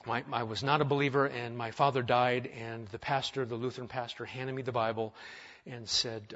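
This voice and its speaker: A man's voice: mid-range voice, little pitch movement, moderate pace, a bit bright, dull audio. A male pastor preaching a conversational sermon, full of rhetorical questions and humorous asides.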